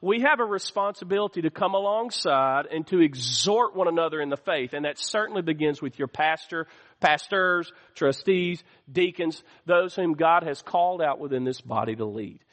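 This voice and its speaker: Man, pastor, sermon, high voice, call-and-response, long church-hall reverb. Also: animated, moderate pace, a bit bright. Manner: call-and-response preaching, asks the church for amens. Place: church sanctuary.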